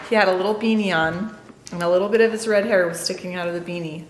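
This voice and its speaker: Sex: woman. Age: middle-aged. Style: casual vlog storytelling, chatty and rambling. Pitch: slightly low. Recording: roomy, with faint background noise. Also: steady tone, fast talker. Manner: chatty, rambling, with many fillers. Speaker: family vlogger.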